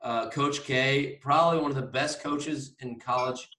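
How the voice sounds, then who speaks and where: A man co-hosting a podcast, rambling excitably about sports in casual chat, with some swearing. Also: medium pitch, normal speed, far from the mic. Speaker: podcast co-host. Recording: echoey room.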